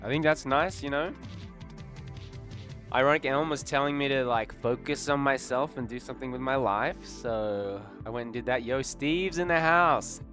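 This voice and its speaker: A man's voice: mid-range voice, fairly even intonation, moderate pace, a bit bright. A man streaming live, chatting casually with his viewers in a laid-back, slangy way. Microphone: desk mic. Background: faint background music.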